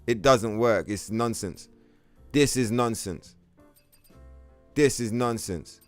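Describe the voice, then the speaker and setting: A man's voice: mid-range voice, takes it slowly, faint music behind. Profane, ranting male game streamer. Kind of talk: casual live-stream chat.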